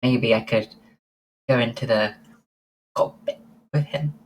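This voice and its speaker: A woman's voice: extremely low pitch, takes it slowly, a little hiss or hum, rough recording. A woman livestreaming, chatting casually and answering her viewers' messages one by one. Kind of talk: casual chat with live viewers.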